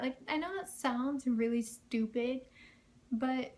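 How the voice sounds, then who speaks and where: A young woman with a slightly higher voice tells stories from her own life straight to camera. Her delivery is loose and chatty, packed with fillers and broken up by frequent laughs. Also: steady tone, measured pace. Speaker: vlogger. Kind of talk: casual storytelling vlog.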